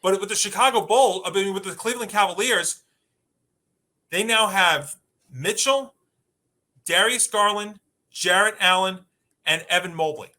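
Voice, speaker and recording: Male sports show co-host, punchy, emphatic, very bright, fairly high voice. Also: measured pace, long pauses. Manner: emphatic, rattles off lists. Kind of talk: sports talk debate.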